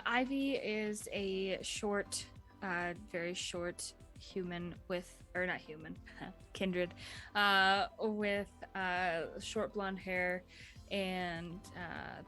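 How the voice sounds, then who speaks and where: A woman with a lowish voice describes her character for a tabletop role-playing stream, slow and hesitant. Faint music sits under her voice. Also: a bit bright. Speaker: player.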